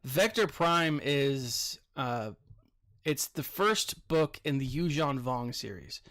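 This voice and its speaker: A man's voice: mid-range voice, expressive, takes it slowly, a bit bright. A man who works as a teacher, chatting casually while commenting on a mobile game, a little tired, rambling with lots of fillers.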